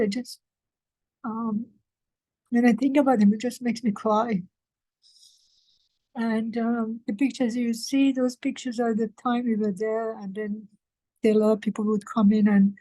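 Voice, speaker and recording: A woman speaking in a casual group meeting, halting and emotional, with many fillers and restarts. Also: on the high side, dark tone, no room sound, low-quality recording. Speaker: meeting participant.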